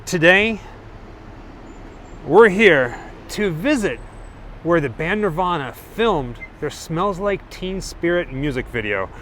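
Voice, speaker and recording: A man's voice: on the high side, lively intonation, takes it slowly, fairly bright tone, slight background noise. A man hosting a casual vlog, talking in an upbeat, conversational way as he walks onto a studio lot. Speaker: host. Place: outdoors on a studio lot, then inside a soundstage.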